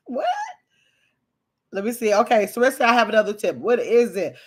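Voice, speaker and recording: A woman hosts a casual livestream, chatting with viewers, talking to chat directly and reading their comments aloud. Her medium-pitched voice runs at normal speed, rambling and conversational with sudden excited bursts.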